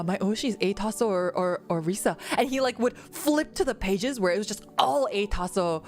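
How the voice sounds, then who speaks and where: A woman's voice: medium pitch, normal speed, faint music behind. Giggly rambling young woman streamer. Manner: rambling, giggly, many fillers and restarts. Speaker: VTuber streamer. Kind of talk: casual Q&A chat.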